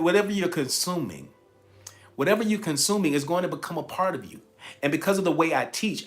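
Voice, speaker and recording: A man hosting a live-streamed coaching talk, repeating key phrases and greeting viewers by name with lots of energy. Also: on the high side. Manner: energetic, repetitive, chatty with viewers. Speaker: livestream host and coach.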